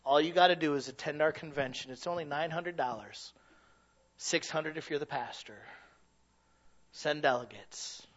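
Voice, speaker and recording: Male preacher, high bright voice, animated folksy sermon delivery, dull lo-fi recording. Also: moderate pace. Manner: animated, rises to shouting, folksy asides. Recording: dull lo-fi sound.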